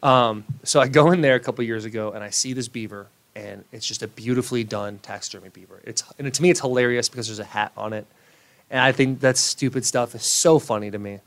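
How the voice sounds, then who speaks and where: A man's voice: medium pitch, fast. A young man chatting as a podcast guest, rambling through stories and laughing at himself. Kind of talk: casual podcast chat.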